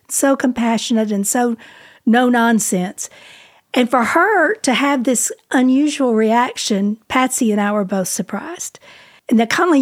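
A woman telling a personal story in a conversational, expressive way, as a co-host of a ministry talk. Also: a little high. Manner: conversational, expressive, drops to a whisper when quoting.

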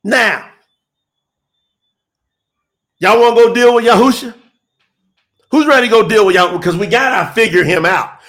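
A man's voice: high-pitched, normal speed, pauses often, fairly bright tone. A man preaching an emphatic sermon, calling out to listeners by name and drawing out his points. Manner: emphatic, call-and-response preaching to online listeners. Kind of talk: live-streamed sermon.

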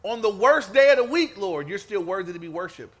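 A man preaching a sermon to a men's gathering, lively and conversational, often calling out for an amen. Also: sits high, brisk. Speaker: pastor.

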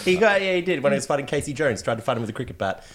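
A man's voice: medium pitch, lively intonation, very fast, a bit bright, a little hiss or hum. A man in a casual podcast chat, rambling and sweary with self-deprecating jokes.

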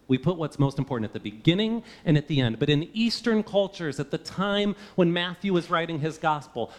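A man preaching a sermon, earnest and emphatic, often asking the listeners rhetorical questions. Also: a little high. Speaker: pastor.

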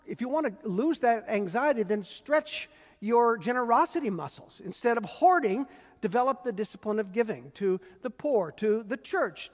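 An older man preaching a sermon as a pastor, earnest and warm, stressing and repeating key phrases. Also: high-pitched. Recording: long reverb of a large hall.

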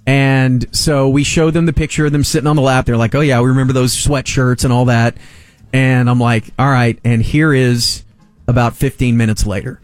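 A man in his forties, a radio host, telling a family story in a lively way and laughing along. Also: medium pitch, moderate pace, no echo, soft background music. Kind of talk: casual storytelling on a sports talk show.

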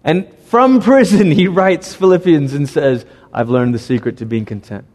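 A man preaching a sermon in a big hall whose sound rings on in a long reverb. His voice sits a little high, and he tells stories with lively energy, acting out characters and even the animals' noises. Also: normal speed. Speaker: pastor.

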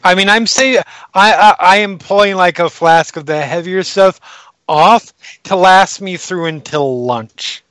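A man's voice: sits high, a little slow, a bit bright, no echo, low-quality recording. Wry man player, dry sound. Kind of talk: casual tabletop game chat.

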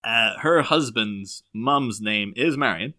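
A man from Ireland with a softened Irish accent blended with English, chatting casually on a podcast and acting out quotes with lots of laughs. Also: medium pitch, slow. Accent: softened Irish, mixed with English. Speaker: podcast co-host.

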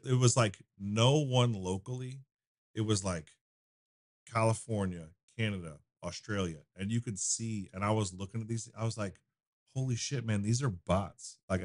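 A man with a very low, deep voice tells stories in a relaxed, rambling way. He is a shop owner talking as a podcast guest, restarting his sentences often. He sounds like a man in his thirties. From United States. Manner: loose storytelling with frequent fillers and restarts. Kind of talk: casual conversation.

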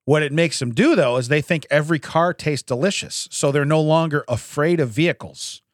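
A man's voice: a little high, fairly quick, dry recording, studio quality. A man co-hosting a casual comedy podcast, joking and laughing often while he riffs. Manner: jokey, laughs often, does silly voices. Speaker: podcast co-host.

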